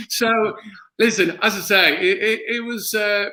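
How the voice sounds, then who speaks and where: In a low-quality recording, a man's voice sits high and unhurried as he chats in a casual interview. He's a former footballer using English as a second language, an animated storyteller who laughs a lot and fills his speech with fillers.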